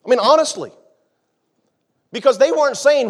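A man preaching a sermon, who jokes with the congregation and acts out scenes, swinging from hushed asides to shouting. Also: sits high, sing-song, measured pace. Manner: dramatic, acts out the disciples' panic, swings from quiet to shouting. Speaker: pastor.

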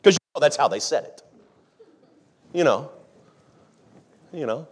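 A man preaching a sermon in a high, animated voice. He moves from quiet, chatty asides to the congregation to loud, dramatic retellings of the scene. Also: measured pace, pauses often. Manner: dramatic, acts out the disciples' panic, swings from quiet to shouting; conversational, jokes with the congregation. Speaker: pastor.

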